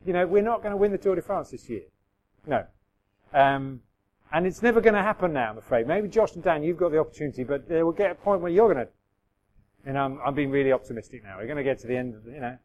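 A man's voice: a little high, animated, fast talker, a little mellow, dull audio. A middle-aged man preaching a sermon in a conversational way, acting out quoted voices with self-deprecating humour. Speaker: pastor.

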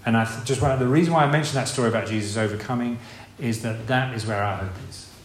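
Man, mid-pitched voice, rambling informal sermon, echoey hall with a faint background hum. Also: fast talker. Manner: conversational, rambling with restarts and asides. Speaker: preacher. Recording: roomy hall with faint ambience.

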